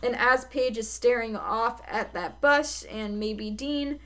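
Young adult woman, slightly high voice, casual recap podcaster, swears freely. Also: slow, a bit bright. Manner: frequent swearing and filler words. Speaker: podcast co-host. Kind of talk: casual episode recap chat.

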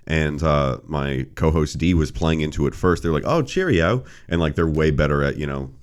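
A man's voice: a bass voice, flat delivery, brisk, clear, resonant tone. A man co-hosting a podcast, telling crude, riffing stories in casual chat. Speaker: podcast co-host.

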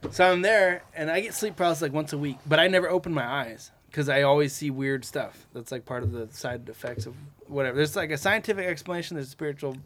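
Animated man telling a spooky story. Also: a little high, fast, slight background noise. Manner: animated storyteller, acts out quotes. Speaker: podcast host. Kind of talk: casual storytelling. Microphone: podcast mic in a garage.

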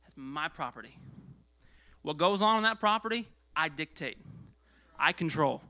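A pastor preaching a sermon in an animated way, swinging between loud passages and hushed asides, and getting out of breath. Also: male voice, a little high, moderate pace.

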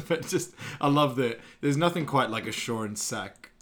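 A man's voice: mid-range voice, lively intonation, takes it slowly, fairly bright tone, a little hiss or hum. A man co-hosting a podcast, chatting casually about a film and retelling its scenes with frequent laughs. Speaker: podcast co-host. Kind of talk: casual movie recap chat.

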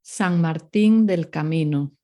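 A woman teaching Spanish pronunciation, patient and clear as she models words and explains rules. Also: sits low, unhurried, dark tone. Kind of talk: language lesson.

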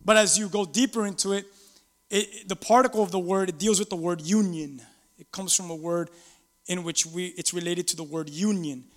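Animated high-voiced male pastor preaching. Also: moderate pace, long reverb tail. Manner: animated, acts out scripture quotes, asks the congregation to respond. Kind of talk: sermon. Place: church sanctuary.

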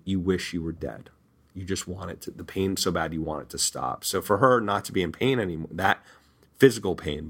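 A man's voice: sits low, husky. A man working as a reality TV producer, telling a story candidly and earnestly, often repeating words for emphasis.

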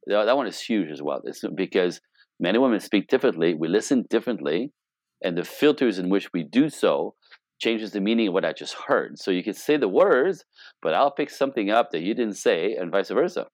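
A middle-aged man talks relationships as a coach, his low voice swinging widely in pitch as he acts out little scenes. He swears freely and plays up the quotes with playful exaggeration. The sound is dry and close, with no room around it. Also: very animated, fairly quick, no room sound. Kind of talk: animated casual talk.

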